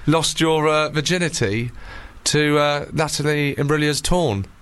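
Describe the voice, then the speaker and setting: A man's voice: on the high side, a little slow, fairly bright tone, clear, resonant tone. A man hosting a casual chat show, teasing his guest and laughing along. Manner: playful, laughing reactions. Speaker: host.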